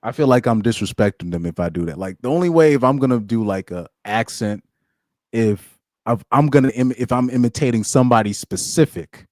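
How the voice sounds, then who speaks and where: A man's voice: mid-range voice, expressive, fairly quick, a little mellow, no echo, clean studio sound. A man hosting a casual podcast chat, laid-back and slangy, chuckling between points. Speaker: podcast host.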